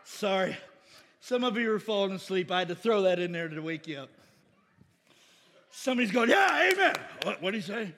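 A man pastor preaching a casual, animated sermon in a church, with shouted bursts. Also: sits high, fairly quick, pauses often, big-room sound. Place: church sanctuary.

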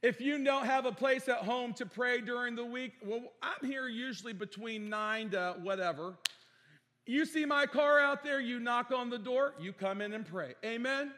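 Man, pastor, earnest repetitive preaching, bright voice, church reverb. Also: very high voice, normal speed, hardly any pauses. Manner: earnest preaching, repeats phrases for emphasis, calls for amens. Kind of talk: sermon. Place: church sanctuary. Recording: long hall reverb in a church.

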